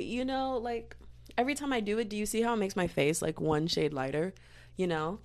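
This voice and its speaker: A woman's voice: fairly high pitch, fast talker, darkish tone. A young woman filming a casual makeup tutorial in her bedroom, rambling and joking with her viewers about powder, with poor-quality audio. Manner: goofy, rambling, self-mocking, talks to viewers as "y'all" and "girl". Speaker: makeup vlogger.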